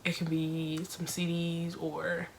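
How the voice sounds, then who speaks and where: Emotional woman vlogger, low voice. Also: takes it slowly, slight background noise. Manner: emotional, expressive, talks straight to viewers; casual conversational with lots of fillers. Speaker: vlogger reviewing a film. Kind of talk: casual emotional movie review.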